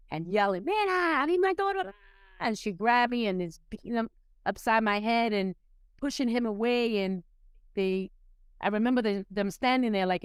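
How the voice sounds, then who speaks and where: A woman's voice: medium pitch, clear, resonant tone, dry recording. A woman from New York City, a podcast guest, candidly telling a personal recovery story with many restarts and repeated words. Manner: candid, emotional storytelling with frequent restarts and repetitions.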